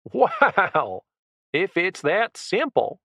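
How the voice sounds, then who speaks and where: A man's voice: on the low side, takes it slowly, gravelly, sharp tone, dry recording, studio quality, heavily acted. A man voicing a cold, menacing middle-aged gang boss with a bayou Louisiana accent who snarls and mocks. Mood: mocking. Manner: snarling, mocking.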